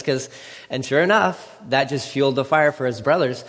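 A man's voice: mid-range voice, brisk, big-room sound. A man preaching a casual, conversational sermon and acting out what people say in shifting voices. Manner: conversational, acts out quotes in varied voices. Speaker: pastor.

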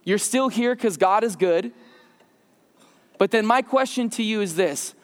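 A man preaching a conversational sermon as a pastor in a church, slowing and dropping his voice for emphasis. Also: high voice, long reverb tail. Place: church sanctuary.

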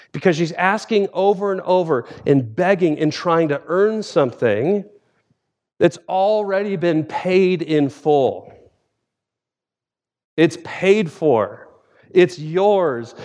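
A man in his forties, a theology professor preaching a sermon as guest speaker, telling stories in a lively way and acting out scenes. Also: fairly high pitch, takes it slowly. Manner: lively storytelling, acts out scenes.

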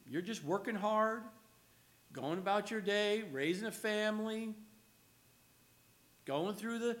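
Guy preaching a sermon, really high voice, chatty, repeats himself a lot. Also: a bit bright. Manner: conversational preaching, repeats words, chuckles. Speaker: pastor.

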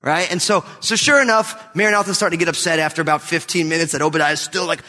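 High bright-voiced pastor in a reverberant hall. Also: male voice, fast talker, few pauses. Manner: animated storytelling, acts out his kids' voices. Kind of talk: sermon. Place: church sanctuary.

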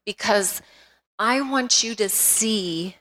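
A woman's voice: mid-range voice, takes it slowly, fairly bright tone. A middle-aged woman speaking at a women's retreat, candid and conversational, often restarting her sentences.

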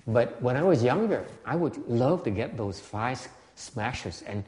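Male Vietnamese monk teacher, native Vietnamese, lively stammering talk, dark tone, reverberant hall. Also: mid-range voice, moderate pace. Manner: animated, laughing, stammers and repeats words. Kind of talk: casual dharma talk.

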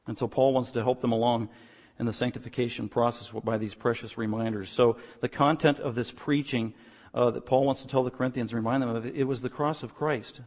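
A man preaching an expository sermon, moving from quiet, low explaining to loud, emphatic passages. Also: steady tone, fairly quick, in a large hall. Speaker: pastor.

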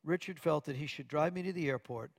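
A man's voice: fairly high pitch, brisk, gravelly, dry recording. A man preaching from Arkansas, earnestly telling a testimony story with quoted dialogue and occasional stumbles.

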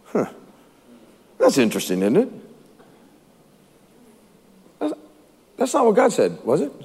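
A man's voice: high-pitched, wildly swooping pitch, moderate pace, a little mellow, husky. A man pastor preaching a sermon, reading scripture aloud with wry asides and chuckles, in a church sanctuary. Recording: long reverb in a hall.

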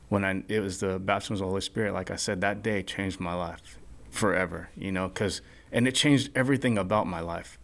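Low-voiced man speaking earnestly. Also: fairly bright tone. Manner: earnest, halting, many fillers. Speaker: podcast guest. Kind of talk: casual faith conversation.

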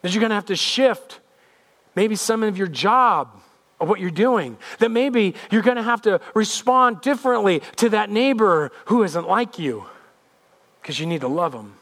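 A man's voice: high voice, expressive, normal speed, a bit bright. A male pastor giving a sermon in an emphatic, conversational way, repeating points for weight.

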